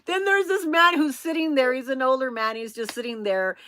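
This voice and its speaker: Bright-voiced chatty woman in her fifties. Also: high voice, fairly quick, no room sound. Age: 50s. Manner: chatty, laughs often, addresses viewers as "y'all". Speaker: vlog host. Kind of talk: casual storytelling to viewers.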